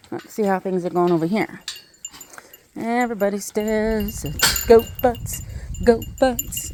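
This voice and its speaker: A woman chats with her farm animals outdoors in cooing baby talk. Her voice sits fairly high and swoops up and down. She talks slowly and fondly, with faint bleating in the background. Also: darkish tone, a little hiss or hum. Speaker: hobby farmer vlogger. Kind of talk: casual farm vlog talk. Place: outdoor barnyard.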